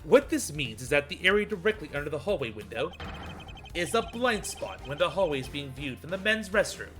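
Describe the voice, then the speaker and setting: A composed, precise prosecutor, as a man plays him in a fan-made game dub, laying out evidence in measured, formal sentences. His pitch moves a lot between phrases, and music plays clearly behind him. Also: very animated. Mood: calm. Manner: measured, formal and deliberate reasoning. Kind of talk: amateur game dub reading.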